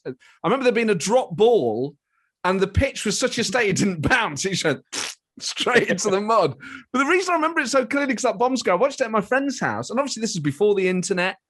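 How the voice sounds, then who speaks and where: A man co-hosts a football podcast, talking about old matches like the fan he is. His voice sits high and swings around a lot. He leads into his questions with his own memories. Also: a little fast, no echo. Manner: animated fan reminiscing, asks questions. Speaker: podcast co-host. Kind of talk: casual podcast chat.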